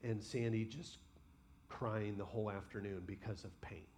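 A man preaching a sermon as pastor, passionately voicing honest prayers to God and then dropping to quiet, personal reflection. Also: lowish voice, fairly even intonation, moderate pace, a little hiss or hum. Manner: impassioned, voices imagined prayers aloud.

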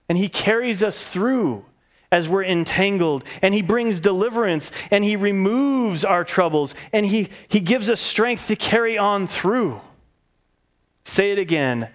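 A man preaching a sermon, fervent and stumbling over repeated words when he gets excited. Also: high-pitched, measured pace. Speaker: pastor. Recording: music playing behind the voice.

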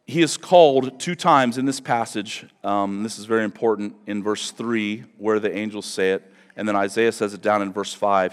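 A man's voice: lowish voice, moderate pace. A male pastor delivering a sermon in a conversational, digressive way with dramatic emphasis. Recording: long reverb of a large hall.

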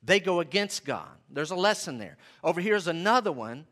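A man preaching a sermon to his congregation, emphatic, slowing down and shifting loudness to stress his points. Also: high-pitched, sing-song. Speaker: pastor.

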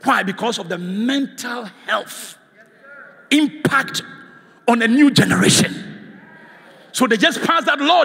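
Recorded in a church sanctuary that sounds like a large hall, a man preaches as a guest speaker, passionately shouting for the congregation's response. His voice is very high-pitched and gravelly.

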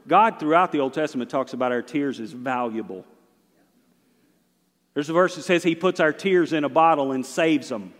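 A middle-aged pastor preaches with a somewhat high voice, rising loud and dropping to a hush. His voice carries the long reverb of a church hall. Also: moderate pace. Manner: preaching with swings from loud to hushed. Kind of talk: sermon.

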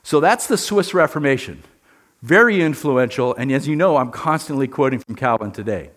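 A man's voice: medium pitch, animated, normal speed, fairly bright tone. A man teaching a church history lesson in an earnest, emphatic way, often repeating words.

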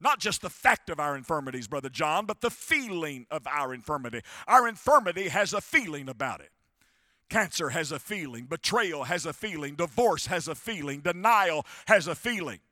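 High-voiced preacher in full sermon. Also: male voice, very animated, normal speed, dry recording, clean studio sound. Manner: rising to shouted crescendos, storytelling. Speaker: pastor. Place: church.

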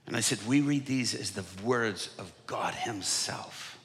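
A man preaching at a conference, telling a story that swings from hushed whispers to loud, impassioned bursts. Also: medium pitch, normal speed, gravelly, few pauses. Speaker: evangelist. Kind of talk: sermon storytelling. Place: conference stage. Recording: large hall with long reverb.

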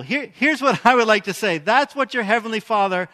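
A man's voice: sits high, expressive, fairly quick, few pauses, sharp tone, long reverb tail. A man preaching a sermon in a conversational way, often asking the congregation questions. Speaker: pastor.

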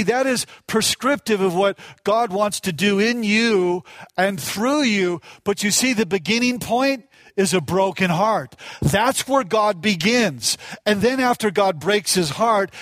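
A middle-aged male pastor preaching with a high-pitched voice in a dry, close recording. He presses his points with repetition and keeps restarting his phrases as his feeling runs ahead of him. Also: a bit bright, dry recording. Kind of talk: sermon.

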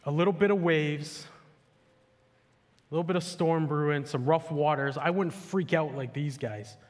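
A man preaching a sermon in a church sanctuary, speaking casually and conversationally. His voice sits a little high for a man. A long reverb from the hall trails behind every phrase. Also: moderate pace. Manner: casual and conversational, with many "like" and "you know". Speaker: pastor.

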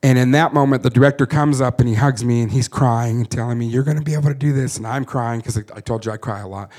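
A man in his thirties tells his story as a missionary, earnest and candid, with quick laughs at his own expense. His voice sits at an ordinary middle pitch for a man. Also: steady tone, a little mellow. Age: 30s. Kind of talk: personal testimony story.

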